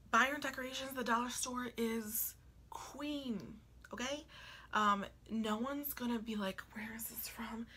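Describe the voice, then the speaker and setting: A woman's voice: medium pitch, bright, forceful tone, breathy edge. A young woman in her twenties chatting casually to camera in a rambling way, often dropping into whispered asides. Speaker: vlogger. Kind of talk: casual chat.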